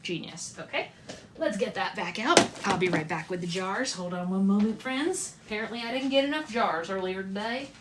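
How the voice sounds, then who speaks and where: A woman's voice: mid-range voice, moderate pace, very noisy. A woman hosting a live stream, chatting upbeat and casually with viewers while making slime.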